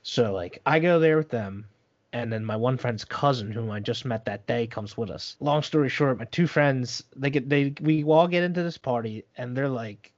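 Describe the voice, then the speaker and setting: A man's voice: medium pitch, normal speed, a little mellow, lo-fi sound. A young man telling a long story in casual chat, rambling and profane, full of fillers.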